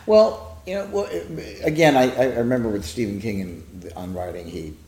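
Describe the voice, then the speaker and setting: A man's voice: mid-range voice, moderate pace, mellow. An older man, a TV writer, chatting as an interview guest, telling long rambling stories and acting out quotes. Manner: rambling storyteller who acts out quotes. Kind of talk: casual interview chat. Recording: echoey room.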